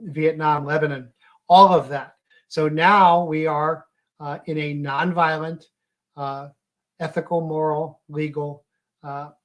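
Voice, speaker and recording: A man giving a halting, emphatic monologue full of fillers. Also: on the high side. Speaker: commentator. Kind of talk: monologue commentary.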